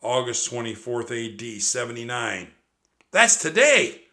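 A man's voice: mid-range voice, very animated, a little slow, pushed and bright, heavily acted. A man voicing a nervous, bookish young boy in a storybook reading, who stammers when scared. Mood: panicked.

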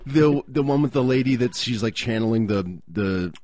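A man's voice: mid-range voice, animated, normal speed, a little mellow. A man co-hosting a radio show and spinning records, laid-back and dry in casual banter.

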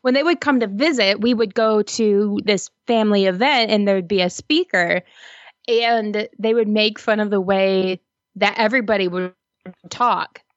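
A woman's voice: mid-range voice, moderate pace, no room sound. A woman in laid-back, laughing casual chat, recorded with a dull lo-fi sound.

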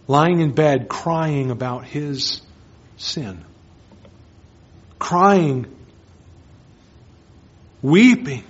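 A man preaching a sermon as pastor, earnest, moving between hushed and emphatic lines. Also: mid-range voice. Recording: dull lo-fi sermon recording.

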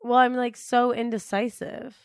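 A woman's voice: fairly high pitch, level tone, unhurried, clean tone, no echo, clean studio sound. Hesitant young woman chatting casually. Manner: hesitant, filler-heavy, many "like"s. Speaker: podcast co-host. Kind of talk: casual chat.

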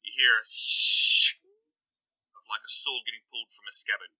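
A man's voice: mid-range voice, steady tone, moderate pace, bright, forceful tone, muffled recording. A man narrating as game master in a casual tabletop session, swearing and laughing easily.

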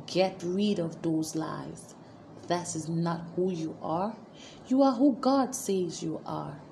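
A woman preaching with a gravelly, creaky edge to her voice, and her pitch sits on the low side. She speaks slowly and with weight, leading declarations line by line over faint background noise. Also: warm tone. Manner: slow, measured, emphatic delivery. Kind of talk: sermon with spoken declarations.

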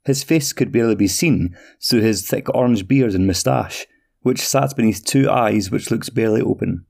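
Guy reading a fairy tale slow and even, gravelly voice. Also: fairly low pitch. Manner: slow, measured storytelling. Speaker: podcast host and storyteller. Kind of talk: scripted fairy-tale narration.

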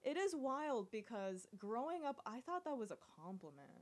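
Woman, casual podcast chat, fairly high voice, reflective, laughs often. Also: very animated, normal speed.

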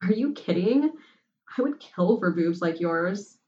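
A woman's voice: mid-range voice, animated, measured pace, a little mellow, dull audio, natural voice. A woman voicing a bold, confident young college woman who talks bluntly and teasingly. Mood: brash.

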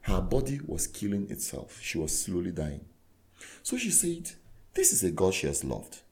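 A man, a clergyman guest, telling a story in conversation with earnest, animated retelling that acts out dialogue. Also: sits low, moderate pace. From Nigeria.

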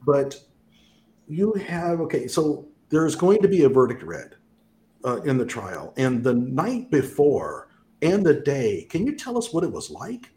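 A man's voice: mid-range voice, wildly swooping pitch, measured pace, darkish tone. A man co-hosting a podcast, asking interview questions in a hesitant way with many fillers. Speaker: podcast co-host.

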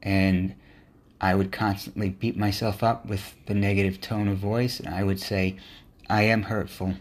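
A man's voice: low-pitched, flat delivery, moderate pace. A man hosting a motivational podcast, speaking in an earnest, encouraging monologue. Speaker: podcast host.

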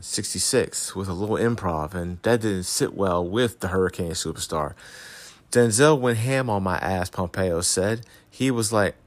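A man's voice: fairly low pitch, no echo. A man giving casual celebrity gossip commentary, reading articles aloud with sarcastic, profane asides. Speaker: commentary host.

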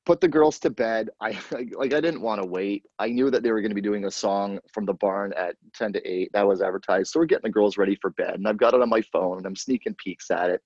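A man hosting a podcast in casual chat, telling stories with excitable energy. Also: on the low side, no room sound. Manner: animated storyteller, excitable. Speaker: podcast host. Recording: dull, lo-fi dry sound.

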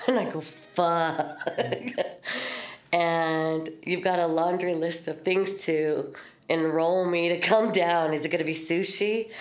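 A middle-aged woman hosting a podcast, telling a personal story in a candid, spiritual way with casual swearing. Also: fairly low pitch. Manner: earnest, storytelling, spiritual talk with swearing and laughs. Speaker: podcast host. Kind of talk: candid heartfelt conversation. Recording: echoey room.

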